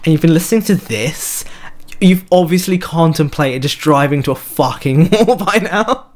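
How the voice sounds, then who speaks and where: A young British man co-hosting a podcast, with a slightly high voice. He talks quickly and jokes at his own expense in loose, casual banter. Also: a little mellow. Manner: quick, joking, self-mocking. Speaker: podcast co-host. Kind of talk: casual chat.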